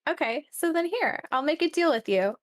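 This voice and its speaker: A woman speaks as her character in a tabletop game, pushing and bargaining hard for what she wants. Her voice sits high. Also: animated, moderate pace. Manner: pushy, bargaining. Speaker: player.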